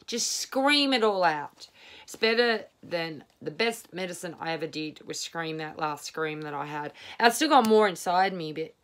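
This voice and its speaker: A woman's voice: lowish voice, lively intonation, moderate pace. A woman giving a casual tarot reading at home, rambling, candid and blunt, swearing freely. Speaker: tarot reader. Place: home, at a small table.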